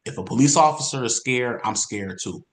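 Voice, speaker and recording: An energetic man gives a sales training talk to insurance agents, coaching them and repeating his points for emphasis. His voice sits in a middle pitch. The recording has a roomy echo. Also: fairly quick.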